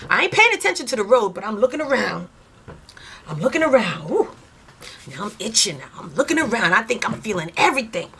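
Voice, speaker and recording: A woman vlogger telling a story-time tale in a casual, colloquial way, acting out her own reactions with animated drama and talking straight to her viewers. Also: sits high, a little hiss or hum. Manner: colloquial, addresses viewers directly.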